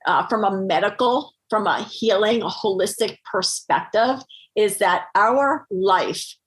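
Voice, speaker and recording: A woman's voice: medium pitch, measured pace. A middle-aged woman speaking as a guest on a podcast, talking earnestly with lots of fillers and restarts. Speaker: podcast guest, holistic doctor. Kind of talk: conversational interview.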